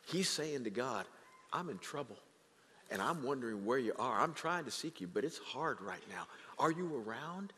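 A man preaching a sermon as pastor, animated and dramatically acting out the voices he quotes. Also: mid-range voice, moderate pace, in a large hall, a little hiss or hum. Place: church sanctuary.

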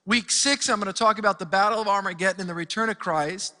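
High, bright-voiced pastor in a reverberant church. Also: male voice, quick pace. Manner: energetic storytelling with many restarts. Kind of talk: sermon. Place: church sanctuary.

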